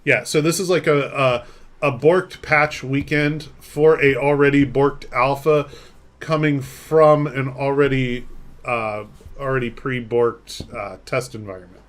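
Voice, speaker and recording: Guy live streaming a game, rambly and joking at himself, answers chat, mid pitched voice on a desk mic. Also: fairly even intonation, measured pace, soft background music. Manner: rambling, self-deprecating, reads chat aloud and answers.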